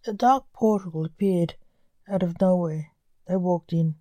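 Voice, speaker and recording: A woman narrating a scripted dark fantasy story in a measured, deliberate way. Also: fairly low pitch, no room sound.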